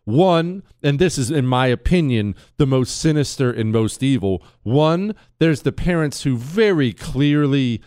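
Lively, sarcastic talk show host man. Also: mid-range voice, unhurried, hardly any pauses, clear, resonant tone, dry recording, studio quality. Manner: animated, sarcastic, bantering with an off-mic producer. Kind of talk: opinionated commentary show.

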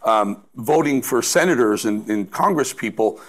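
A man's voice: medium pitch, lively intonation, normal speed. A man giving political commentary as a guest, emphatic, with stammering restarts.

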